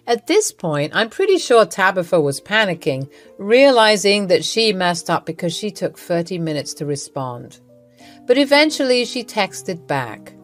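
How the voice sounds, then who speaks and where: Brief: female storyteller, wry and amused, slow deliberate pace, soft music bed underneath. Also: mid-range voice, very animated. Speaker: narrator. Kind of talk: scripted drama story narration.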